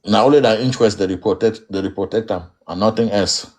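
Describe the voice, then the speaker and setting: A man's voice: fairly low pitch, quick pace. A man from Cameroon with a Cameroonian English accent, a guest in an online interview, speaking emphatically and switching into pidgin.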